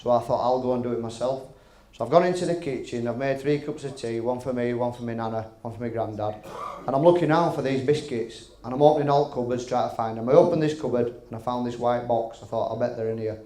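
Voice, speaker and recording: A man's voice: medium pitch, fast talker, few pauses, warm tone. A man doing after-dinner stand-up as MC, chatty and cheeky, with frequent "right?" asides and some swearing. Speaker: comedian and MC. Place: hotel function room at a dinner. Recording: echoey function room.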